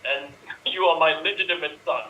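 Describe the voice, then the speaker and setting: An improv performer, a man, playing a proud, fatherly god in a quick comedy scene. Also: fairly high pitch, sharp tone, roomy sound, distant mic, highs cut off. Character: Zeus, booming proud male god.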